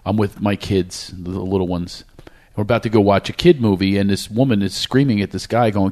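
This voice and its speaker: A man's voice: fairly low pitch, steady tone, a little fast, mellow. A man from Philadelphia who hosts a podcast, chatting casually and telling earnest anecdotes. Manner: earnest, anecdotal, frequent backchannels. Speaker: podcast host. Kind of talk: casual chat.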